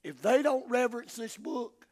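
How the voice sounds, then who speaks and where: An older man with a Southern US drawl delivers a sermon in a high voice. He tells folksy stories and swings from hushed, low passages up to shouting. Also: normal speed. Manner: folksy storytelling. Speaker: preacher.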